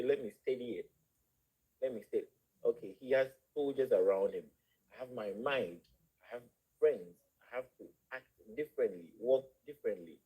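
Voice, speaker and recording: A man with an African accent, a guest in a spiritual discussion, who talks haltingly and repeats words as he searches for the phrasing. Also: mid-range voice, warm tone, breathy edge, low-quality recording. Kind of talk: spiritual discussion on a live show.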